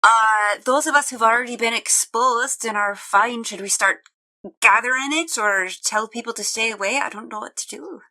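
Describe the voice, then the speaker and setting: A woman with a bright, fairly high voice describing her character's actions in a tabletop game. She sounds thoughtful and unsure, weighing options aloud. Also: normal speed. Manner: thoughtful, uncertain. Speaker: player. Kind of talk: casual tabletop play.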